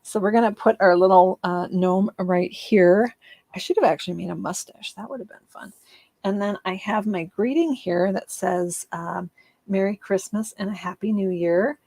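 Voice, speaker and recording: A woman's voice: medium pitch, normal speed, warm tone, no room sound. A woman demonstrating card making in a casual live craft session, chatty and rambling, with frequent ums and laughs at her own slips.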